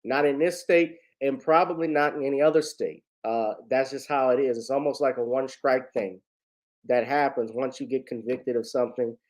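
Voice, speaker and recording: A man's voice: medium pitch, fairly even intonation, normal speed, poor audio. A man vlogging casual commentary, talking in a rambling way to his viewers as family.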